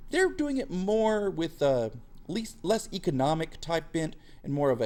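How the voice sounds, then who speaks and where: A man's voice: fairly high pitch, big pitch swings, moderate pace, a little mellow. A young man teaching history in a casual, slangy lecture, sarcastic and acting out quoted voices.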